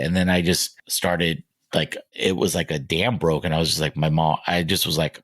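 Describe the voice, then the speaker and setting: Gen x guy on a podcast, lowish voice, dry close mic, lots of "like" and restarts, open and candid. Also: fairly bright tone, no room sound. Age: 40s. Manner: halting, frequent "like" fillers and restarts. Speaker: podcast guest. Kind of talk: candid personal storytelling.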